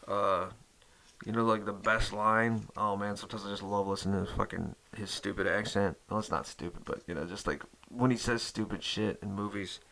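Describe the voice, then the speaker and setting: A man's voice: on the low side, steady tone, normal speed, creaky, sharp tone. A man hosting his metal music channel in a rambling casual chat, cursing constantly and full of fillers.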